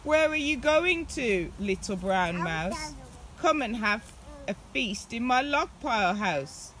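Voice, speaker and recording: A woman's voice: fairly high pitch, animated, takes it slowly, fairly bright tone, slight background noise. A woman voicing a hungry snake inviting a mouse to a feast, in a family storybook reading. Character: hungry snake in a log pile.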